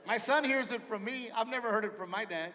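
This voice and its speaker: Punchy comedian on a theater stage. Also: male voice, very high-pitched, brisk, slight background noise. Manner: loud, punchy delivery with sudden shouted punchlines. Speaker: stand-up comedian. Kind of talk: stand-up comedy set. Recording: live theater with long reverb and faint ambience.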